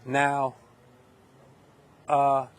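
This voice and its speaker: A man's voice: mid-range voice, monotone, drawn-out words, clean tone. A man from Hempstead, New York, with a North Carolina-tinged New York accent, giving a heated live stream monologue outdoors at dusk into a handheld phone camera. He rants, restarts and repeats words as he goes. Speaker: livestreamer. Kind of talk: impassioned street livestream monologue.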